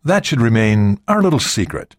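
A man's voice: mid-range voice, sing-song, normal speed, dry recording, studio quality, lightly acted. A man doing a smug, cocky hijacker. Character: smug cigar-smoking male hijacker, cocky.

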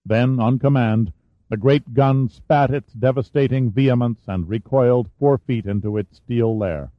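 A man reading a thriller audiobook in a steady, measured narration. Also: mid-range voice, dry recording. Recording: dull dry studio recording.

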